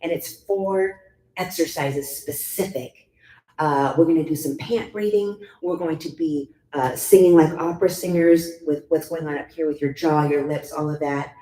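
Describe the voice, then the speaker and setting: A middle-aged woman vocal coach gives a chatty, hands-on workshop talk in a club workshop room. Her voice sits low and warm, with fairly even intonation and normal speed, and the recording carries roomy echo and faint room noise.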